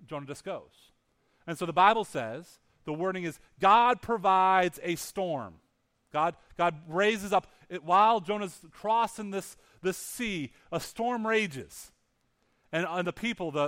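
A man's voice: sits high, normal speed, fairly bright tone. A male pastor preaching a sermon, telling a story with lots of animation and acting out the characters' lines, often restarting and repeating words.

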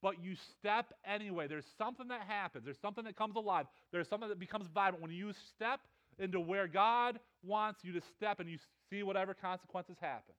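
A man preaching a sermon, animated and often repeating his words, his voice swelling and dropping. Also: high-pitched, a little fast, hardly any pauses. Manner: animated, stammering repetitions, voice swells and drops. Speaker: pastor.

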